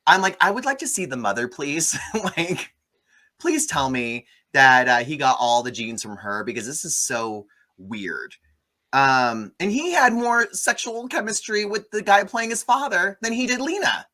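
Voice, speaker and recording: A man hosting a casual movie review chat, recapping the plot with sarcastic, animated asides. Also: fairly high pitch, measured pace. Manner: sarcastic, animated storytelling with swearing. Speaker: podcast host reviewing a movie.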